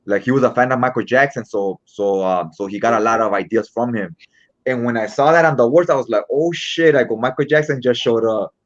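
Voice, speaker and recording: A man co-hosting a casual podcast, telling stories in a lively way and acting out the quotes. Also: medium pitch. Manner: animated storyteller, acts out quotes. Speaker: podcast co-host. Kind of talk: casual chat. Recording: dull lo-fi sound.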